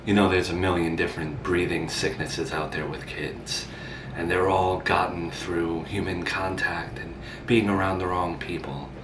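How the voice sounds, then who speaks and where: A man's voice: low-pitched, level tone, normal speed, roomy sound, far from the mic, noisy background, pitched below the performer's own voice, lightly acted. A man doing a nagging, meddling old mother. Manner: fussy, worried, lecturing.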